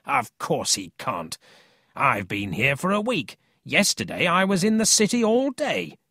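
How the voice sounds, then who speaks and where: A man voicing a lying adult thief who talks slowly and dismissively. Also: on the high side, wildly swooping pitch, pushed and bright, no room sound, clean studio sound, voice pushed up, exaggerated voice. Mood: smug. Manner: slow, smug, dismissive.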